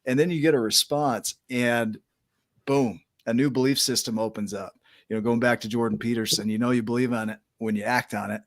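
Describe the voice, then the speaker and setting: A man's voice: mid-range voice, fairly even intonation, fairly quick, no room sound, clean studio sound. A man hosting a podcast interview, talking emphatically and enthusiastically, often checking in with "right?". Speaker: podcast host.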